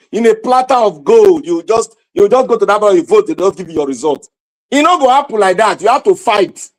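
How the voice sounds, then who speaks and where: A man with a Nigerian accent hosting a livestream, giving impassioned, preachy commentary that bursts into shouting. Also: high-pitched. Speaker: livestream host.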